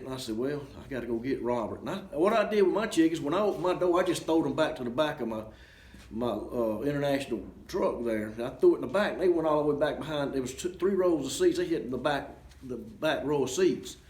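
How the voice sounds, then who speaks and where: Man spinning a folksy tale. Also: roomy sound. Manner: folksy drawling storyteller, addresses listeners as y'all; gets loud and high when acting out shouting. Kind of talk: told personal story.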